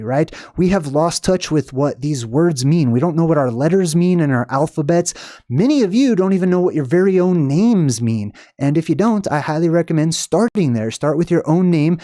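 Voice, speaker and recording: Rambling man explaining, warm dry voice. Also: fairly high pitch, no room sound. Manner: rambling, explanatory, frequent "um" and "right?". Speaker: channel host. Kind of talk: casual livestream lecture.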